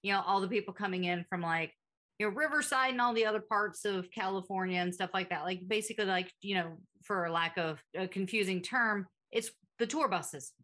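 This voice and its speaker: A woman's voice: mid-range voice, fairly quick, pushed and bright. A woman co-hosting a podcast, chatting in a loose way full of "like" fillers. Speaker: podcast co-host. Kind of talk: casual chat.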